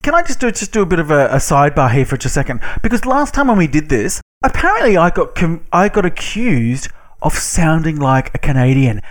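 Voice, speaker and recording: A man's voice: a little high, big pitch swings, fairly quick. A man co-hosting a podcast in casual chat, a bit drunk, playful and mock-outraged, laughing often. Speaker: podcast co-host.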